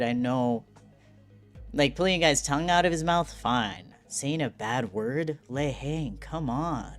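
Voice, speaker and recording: A man chats casually over his gameplay, playful and sarcastic with frequent laughs. His voice sits at an ordinary middle pitch, and faint music plays underneath. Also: measured pace, a bit bright. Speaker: streamer playing a story game. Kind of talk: casual gaming commentary.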